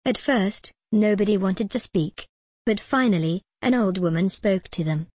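Woman reading an easy storybook, mid pitch, dry close sound. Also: measured pace, a little mellow, no room sound. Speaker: narrator. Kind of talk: scripted storybook narration.

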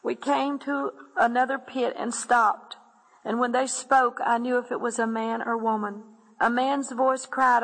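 A woman's voice: on the high side, flat delivery, a little slow, vocal fry, fairly bright tone, in a large hall, low-quality recording. A woman earnestly narrating a dramatic religious testimony, often speaking directly to her listeners. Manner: earnest, addresses listeners as "my friend".

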